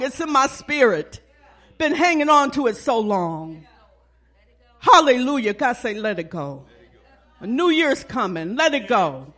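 A man's voice: very high-pitched, bright, forceful tone. A man preaching a sermon, in an emphatic, repetitive preaching cadence.

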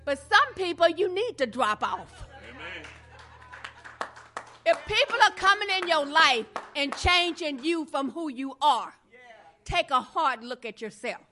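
A woman's voice: high-pitched, sing-song, measured pace, long pauses, sharp tone, faint music behind. A woman preaching a sermon with impassioned, repetitive emphasis that builds and rises.

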